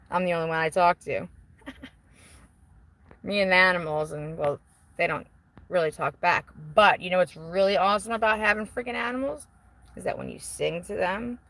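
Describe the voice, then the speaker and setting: A woman's voice: medium pitch, gravelly, fairly bright tone, rough recording. A middle-aged woman vlogger reading viewer comments in a casual, rambling chat. She mocks herself, swears freely and laughs often. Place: outdoors on a porch while smoking.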